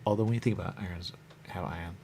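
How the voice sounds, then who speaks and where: Speaking very fast in a low, creaky, slightly mellow voice with a steady tone, a man hosts a radio show over slight background noise. His solo talk is rambling and repetitive, and he says "there you go" again and again.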